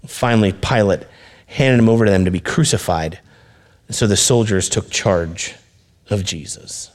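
A man's voice: on the low side, normal speed. Earnest conversational male pastor. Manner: conversational, earnest, direct address. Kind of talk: sermon.

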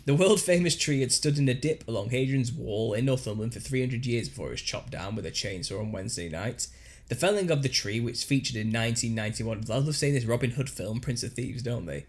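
A man's voice: medium pitch, expressive, quick pace. A man co-hosting a podcast, reading news articles aloud with frequent laughter and put-on voices for quotes. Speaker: podcast co-host.

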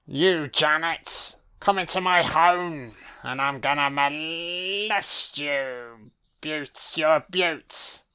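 A man voicing a sultry, predatory male mad scientist with a leering, drawn-out purr. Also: on the high side, pushed and bright, clean tone, full character voice.

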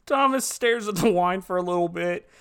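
A man hosting a podcast, recapping a film in a joking, sarcastic, animated way. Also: high voice, moderate pace, a little hiss or hum. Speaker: podcast host. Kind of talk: casual chat recapping a film.

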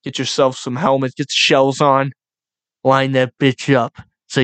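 A young man hosting a casual solo podcast, ranting with lots of swearing in an animated, loose way. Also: mid-range voice, moderate pace, dry recording. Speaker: podcast host.

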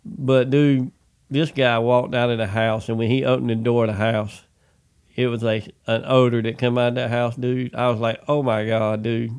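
A man, telling a rambling work story in casual chat, animated and swearing freely. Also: medium pitch, moderate pace, clean tone. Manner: animated, swears freely, says "dude" a lot.

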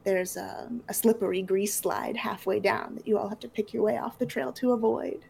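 A woman narrates a tabletop game as its game master, describing scenes in a loose, chatty way full of fillers. Her voice sits at a middle pitch with a gravelly, creaky edge. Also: steady tone, normal speed, a little mellow, a little hiss or hum.

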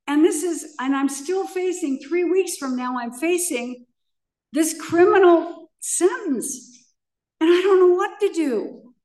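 A woman's voice: extremely high pitch, expressive, slow pace, darkish tone, recorded from a distance. An older woman sharing her personal recovery story at a meeting, telling it dramatically with vivid repetition. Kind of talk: personal testimony.

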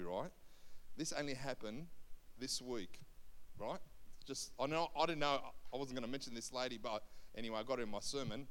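A man, a senior pastor telling a Bible story in a sermon, acting out the voices of people in it. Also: mid-range voice. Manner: animated storyteller, acts out voices in quotes. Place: church hall. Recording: long hall reverb.

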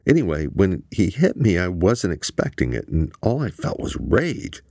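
A man's voice: sits low, wildly swooping pitch, moderate pace, creaky, husky, dry recording, clean studio sound, voice pushed up, full character voice. Fields: Figure: a man voicing a furious young hitwoman. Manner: cursing. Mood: brooding. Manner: shouting, cursing. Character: angry young woman hitwoman, foul-mouthed, defensive.

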